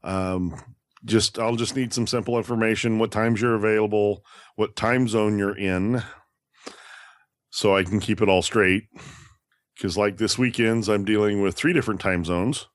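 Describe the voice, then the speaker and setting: A man's voice: fairly low pitch, steady tone, normal speed, no echo, clean studio sound. A man co-hosting a gaming podcast, talking casually and restarting his sentences often. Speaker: podcast co-host.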